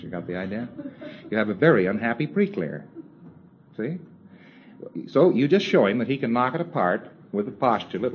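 A man giving a recorded lecture in a conversational, wry way, acting out little exchanges and chuckling as he goes. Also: on the low side. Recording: dull lo-fi old tape with faint hiss.

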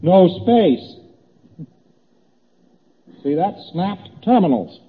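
Male lecturer, slightly high voice, chatty and repetitive, thin phone-like old tape with hall reverb. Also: sing-song, very slow, slightly rough. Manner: conversational, repeats points, acts out little exchanges. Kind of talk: lecture explaining graphs on a board.

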